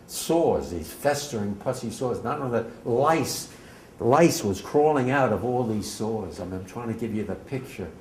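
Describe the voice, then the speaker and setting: A man's voice: fairly low pitch, darkish tone, a little hiss or hum. Elderly New man, echoey room. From New Jersey, USA. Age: 80s. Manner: vivid, emotional storytelling with emphatic outbursts. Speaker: war veteran giving testimony. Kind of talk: personal testimony to a class.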